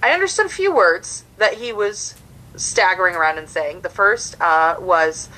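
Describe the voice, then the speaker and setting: With a voice on the low side and a normal pace, a young US comedian guests on a podcast and tells a story conversationally. She brings it to life by acting out the people involved, captured in low-quality sound.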